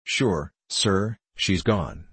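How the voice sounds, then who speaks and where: A man's voice: sits low, lively intonation, very slow, a bit bright, breathy edge, no room sound, heavily acted. A man voicing a portly, nervous Irish woman cook who rambles and pleads, with an Irish accent, in a storybook reading. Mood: flustered.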